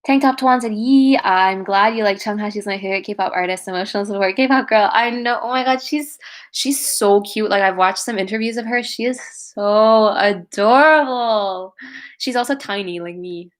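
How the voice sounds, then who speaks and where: A woman's voice: mid-range voice, fairly quick. A young woman hosting a casual livestream, reading out viewer comments and chatting in a gushing, chatty way. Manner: chatty and gushing, many "like"s and "oh my God"s. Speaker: livestream host and cover singer.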